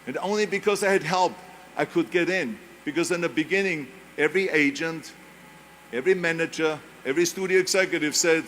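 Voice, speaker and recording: A man's voice: a little high, a little fast, fairly bright tone, slight background noise. A man with a German accent giving a motivational speech, emphatic and repeating key phrases. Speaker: speaker.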